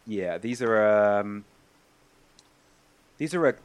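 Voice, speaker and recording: A man as game master, narrating a tabletop role-playing game in a descriptive, halting way. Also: fairly low pitch, lively intonation, clear, resonant tone. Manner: descriptive, halting with fillers and restarts.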